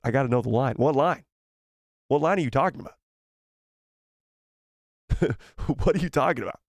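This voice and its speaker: Animated young man hosting a live chat. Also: mid-range voice, moderate pace, no room sound, studio quality. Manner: animated and playful, teasing the chat, stumbles when reading aloud. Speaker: live stream host reading viewer donations. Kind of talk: casual live stream chat.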